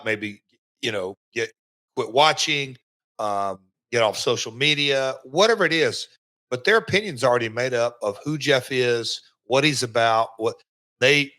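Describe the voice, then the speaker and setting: A middle-aged man with a Southern accent, hosting a podcast and reminiscing in casual chat, often pausing with fillers and restarts. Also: medium pitch, pushed and bright. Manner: halting, lots of fillers and restarts. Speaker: podcast host, former wrestler.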